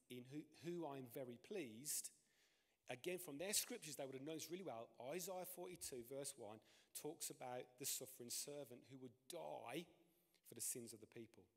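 A man preaching a sermon as pastor, animated, his voice climbing and dropping in pitch and loudness. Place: church. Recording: long reverb of a church hall.

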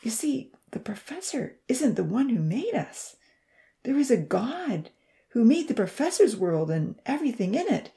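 A woman voicing a gentle, earnest boy character who pleads softly. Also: a little high, very animated, normal speed, creaky, pitched above the performer's own voice.

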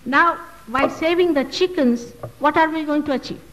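A woman's voice: sits high, moderate pace, fairly bright tone, long reverb tail, low-quality recording. A woman, a spiritual teacher answering audience questions at a public talk, emphatic and full of rhetorical questions. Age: 60s. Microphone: loudspeaker microphone.

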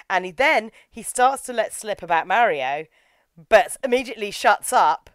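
A woman casually recapping an anime episode, animated and acting out the characters' lines as she tells it. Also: mid-range voice, moderate pace, no room sound. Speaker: podcast co-host reviewing anime.

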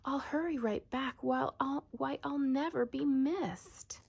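A woman's voice: high voice, a little slow, vocal fry, a little mellow, voice pushed up. Maisie, a lazy coaxing bird, read by a woman. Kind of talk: storybook reading.

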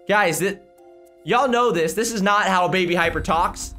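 A woman's voice: medium pitch, normal speed, fairly bright tone. A young woman giving playful, giggly gameplay commentary, chatting to viewers and reading chat aloud. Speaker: gaming YouTuber. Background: background music.

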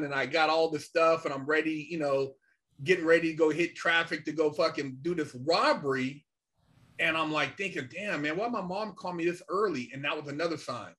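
High-voiced man telling a street story. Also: sharp tone. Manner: slangy, loose, full of "man" and "you know". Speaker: podcast guest. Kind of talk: casual storytelling.

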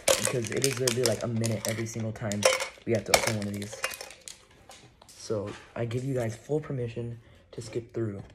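A man chatting casually while opening trading cards, joking with mock threats and excitable reactions. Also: medium pitch, a little fast, very noisy. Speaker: card-opening vlogger.

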